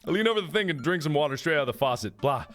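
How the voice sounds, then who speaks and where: A man's voice: a little high, expressive, racing, a bit bright. A man in his twenties hosting a let's play, reading game text aloud in a goofy, playful way and breaking into silly voices. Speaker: gaming video host.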